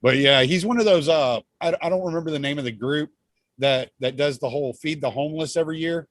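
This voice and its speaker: A man's voice: a little high, quick pace, dry recording. A man hosting a podcast, talking in a rambling, easygoing way with frequent laughs. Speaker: podcast host. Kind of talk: casual podcast chat.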